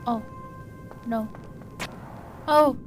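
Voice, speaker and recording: A woman's voice: on the high side, extremely slow, soft background music. A woman streamer giving casual gameplay commentary, jumpy and giggly, easily startled.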